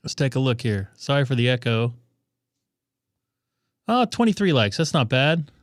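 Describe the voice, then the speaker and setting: A man's voice: mid-range voice, sing-song, normal speed, no room sound, clean studio sound. A man hosting a ham radio live stream, chatting casually and thinking aloud with plenty of fillers.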